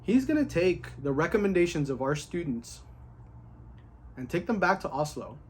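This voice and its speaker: A man in a casual, excited recap of his day, candid, full of fillers and with the odd curse. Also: on the high side, moderate pace, slightly rough. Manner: candid and excited, with many fillers and a bit of cursing.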